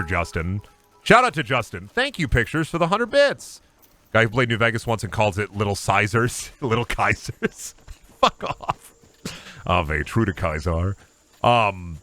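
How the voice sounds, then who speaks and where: A man's voice: on the low side, pushed and bright. A young adult man streaming a game, chatting in a rambling, profane, joking way. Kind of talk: casual livestream chat.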